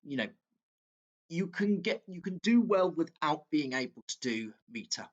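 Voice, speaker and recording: A man teaching a literature exam walkthrough, talking slowly and haltingly, with fillers and self-corrections as he works through a poem. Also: a little high, sing-song, highs cut off.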